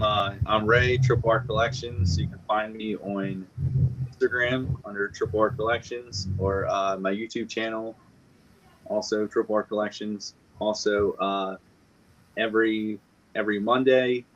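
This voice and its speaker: A man hosting a live reselling show, speaking in a halting, hesitant way. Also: on the low side, fairly bright tone, muffled recording. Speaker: show host. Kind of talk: casual live-stream chat.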